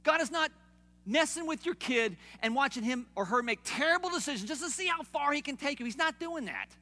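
A man preaching a sermon in a conversational way, swinging from loud emphatic peaks to soft low asides, in a church. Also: animated, brisk. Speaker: pastor. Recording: long hall reverb.

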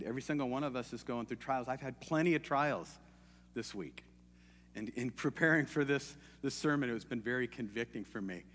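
A man's voice: mid-range voice, a bit bright, big-room sound, slight background noise. A man preaching a sermon in an earnest, hesitant way, often restarting his sentences.

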